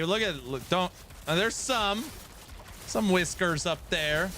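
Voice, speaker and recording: Bright-voiced joking male game streamer. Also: high voice, lively intonation, takes it slowly, slight background noise. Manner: joking, teasing banter while playing. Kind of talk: live gaming stream chat.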